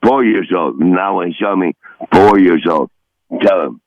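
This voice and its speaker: A gravelly older man in his sixties rants, combative and foul-mouthed, jumping from one grievance to the next. His voice has a rough, fried edge. It comes through dull and dry, like a muffled phone line. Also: low voice, measured pace, dry recording. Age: 60s. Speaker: regular comedic guest. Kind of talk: profane rant on a phone-in podcast.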